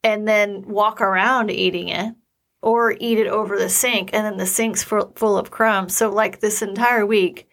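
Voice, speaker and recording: A woman co-hosts a relaxed chat show and tells stories at a leisurely pace. Her voice has a gravelly fry running through it, and she sounds amused by what she is telling. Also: mid-range voice. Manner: unhurried storytelling, amused. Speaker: podcast co-host, parent. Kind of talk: casual chat.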